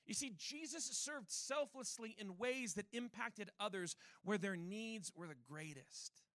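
A male pastor preaches a sermon, animated in his storytelling and fond of rhetorical questions. His voice sits high and bright, and the recording is dry and close. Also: measured pace, no room sound. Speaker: church pastor.

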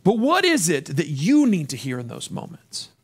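A male pastor preaching a sermon, lively and animated, often repeating words as he restarts. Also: sits high, moderate pace, slightly rough.

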